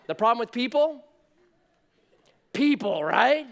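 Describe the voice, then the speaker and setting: A man in his thirties preaching a sermon, telling a story in an animated, conversational way. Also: sits high, moderate pace. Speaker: pastor.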